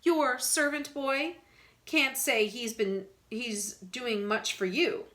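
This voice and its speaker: A woman's voice: medium pitch, big pitch swings, measured pace, a bit bright. A woman voicing a cool, haughty young lady who speaks in a prim, falsely sweet way, in a read-aloud storybook.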